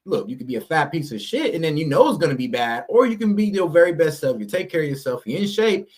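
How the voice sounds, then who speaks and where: Man, podcast guest, casual slangy debating, fairly high pitch, animated intonation. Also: fast. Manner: slangy, loose, says bro a lot.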